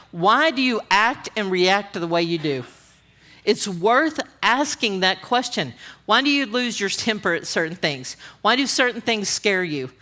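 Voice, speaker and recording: Woman speaker, conference sermon, bright forceful voice, fairly high, animated and joking with the crowd. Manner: animated, humorous, questions the audience. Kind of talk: conversational sermon. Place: church auditorium.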